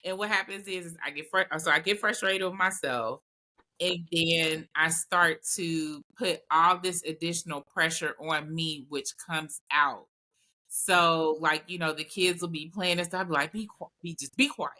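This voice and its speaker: A woman's voice: low-pitched, a little slow. A woman hosting a casual group chat, telling stories candidly and voicing her own asides. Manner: candid, animated storytelling with voiced asides.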